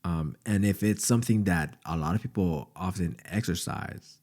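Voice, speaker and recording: A man's voice: sits low, normal speed, darkish tone. A young man hosting an interview, telling a story in a hesitant way with many ums and light laughs. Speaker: podcast host.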